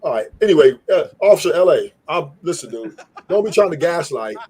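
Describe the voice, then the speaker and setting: A man argues on a live stream, swearing freely and repeating his points. His voice sits high and sounds husky. He is combative and keeps pressing. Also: very animated, a little fast, darkish tone. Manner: profane, combative, repeats himself. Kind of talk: heated live-stream argument.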